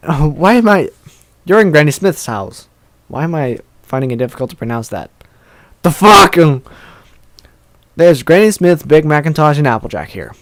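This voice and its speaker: A man's voice: medium pitch, a little mellow, dry recording. A young man hosting a let's play, reading a text game aloud into a close mic, often tripping over words and laughing at himself. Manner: stumbling, self-deprecating.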